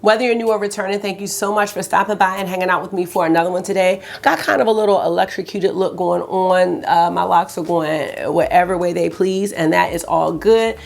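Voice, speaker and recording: Gravelly-voiced woman beauty vlogger. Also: lowish voice, steady tone, brisk, few pauses. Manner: chatty and enthusiastic. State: morning voice, a bit rough. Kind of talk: casual makeup chat.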